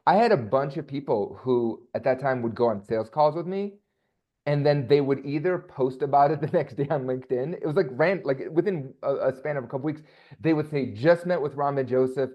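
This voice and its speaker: A man talking casually as an interview guest, animated and chatty with quick asides. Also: mid-range voice, highs cut off. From United States.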